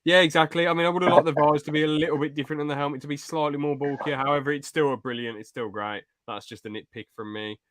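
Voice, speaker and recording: A man's voice: on the high side, steady tone, fast, few pauses, fairly bright tone, no room sound. A man co-hosting a podcast in casual reaction chat. He is laid-back, swears freely, and repeats himself while mildly nitpicking. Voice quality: swears freely, trails off into filler words. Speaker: podcast co-host.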